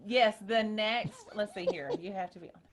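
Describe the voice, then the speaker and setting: A woman hosting a casual group call, telling a story in an excited, rambling way. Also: medium pitch, normal speed, a little hiss or hum. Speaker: host. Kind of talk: casual chat.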